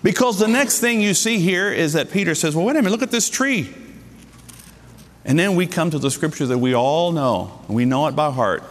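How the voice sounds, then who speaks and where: Male pastor, middle-aged, fairly high voice, emphatic sermon delivery, long hall reverb. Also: lively intonation. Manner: emphatic preaching with sudden pitch jumps and slowed stresses.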